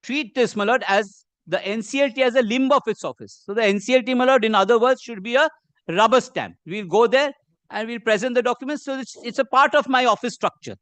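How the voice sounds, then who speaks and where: High-voiced Indian English advocate in court. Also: male voice, a bit bright, dry recording. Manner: measured and deferential, says "my lord" constantly. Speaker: advocate arguing before a judge. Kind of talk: formal courtroom argument.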